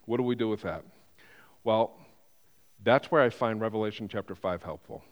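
A man's voice: lowish voice, moderate pace, dull audio. Preaching man in a reverberant hall. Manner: animated storytelling with frequent restarts. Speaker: pastor. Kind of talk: sermon. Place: church sanctuary.

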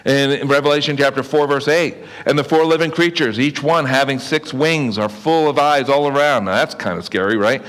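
A man preaches from the pulpit in a relaxed, conversational way, stumbling into restarts and quick asides as he explains his points. His voice sits at an ordinary middle pitch. The sound rings with the long reverb of a large church hall. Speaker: pastor. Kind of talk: sermon.

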